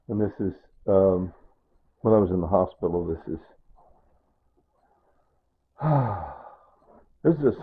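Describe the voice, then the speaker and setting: An older man walks through his small home in a casual, rambling tour. His voice sits low with a husky edge. The sound is thin and phone-like. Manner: rambling, points things out with "see" and "right?". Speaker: vlogger giving a home tour. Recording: tinny phone-like audio.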